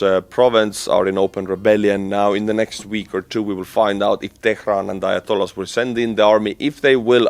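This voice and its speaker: A man with an Estonian accent giving casual, animated news commentary to his channel audience, talking conversationally with frequent fillers and restarts. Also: fairly low pitch.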